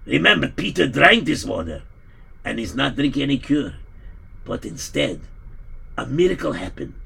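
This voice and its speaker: A man telling a story live, animated and emphatic, stumbling over words at times. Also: mid-range voice, creaky, husky. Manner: animated, emphatic, halting restarts.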